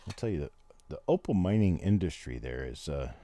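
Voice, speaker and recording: A man's voice: very deep voice, lively intonation, brisk, dark tone. An older man hosting a live stream from his home in casual chat, rambling and folksy with chatty asides. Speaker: host.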